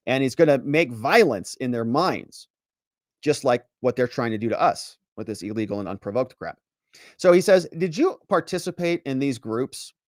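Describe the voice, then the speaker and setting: Animated man retelling a trial. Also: medium pitch, normal speed, no room sound, clean studio sound. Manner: acts out witnesses and lawyers in quotes; sarcastic asides. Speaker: lawyer and commentator. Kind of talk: recounting trial testimony.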